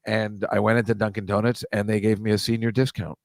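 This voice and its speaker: A man's voice: lowish voice, flat delivery, fast talker, creaky, no room sound. Rambling older New man. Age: over 65. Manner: rambling, self-deprecating, laughs at own stories. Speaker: podcast co-host. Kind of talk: casual chat.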